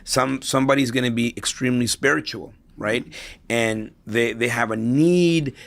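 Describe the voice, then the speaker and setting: A man's voice: medium pitch, moderate pace. A middle-aged man speaking as an interview guest, telling stories casually and tagging his points with "right?". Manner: storytelling, tags points with "right?". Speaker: interview guest, real estate investor.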